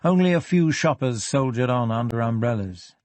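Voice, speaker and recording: Guy narrating an audiobook, steady even read, mid pitch, dead dry close mic. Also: moderate pace, dry recording.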